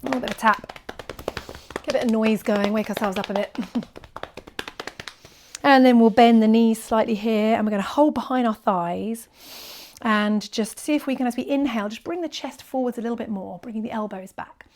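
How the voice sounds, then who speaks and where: A woman with a fairly high voice guides a yoga class. She speaks softly and kindly, often sinking into a near-whisper as she counts the breaths. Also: moderate pace, pauses often. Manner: soft, gentle and encouraging, slipping into near-whispers on breath counts. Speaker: yoga teacher. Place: indoors, quiet room with birds faint outside.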